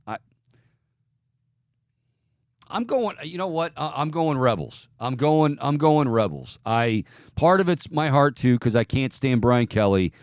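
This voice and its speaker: A man's voice: medium pitch, a little mellow, no room sound, clean studio sound. A man hosting a sports betting show, giving opinionated picks in a loose, joking casual talk.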